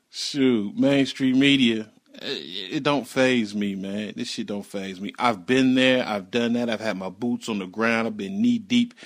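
A middle-aged man telling a personal story in a loose, profane, rambling way, acting out sounds as he goes. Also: mid-range voice. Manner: acts out sounds and voices animatedly.

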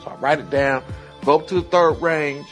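A man tells a story from his years as a prison officer in a loose, profane, digressive way, full of asides. His voice sits a bit high for a man. Faint music runs underneath. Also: steady tone, normal speed, fairly bright tone. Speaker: former prison correctional officer. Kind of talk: casual anecdotal storytelling.

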